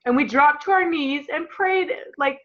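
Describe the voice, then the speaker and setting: A woman leading a motivational team call, telling her story in a gushing, excited way and talking straight to her listeners as "you guys.". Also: high voice, measured pace. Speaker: team leader. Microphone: phone or computer call. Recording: muffled lo-fi call audio.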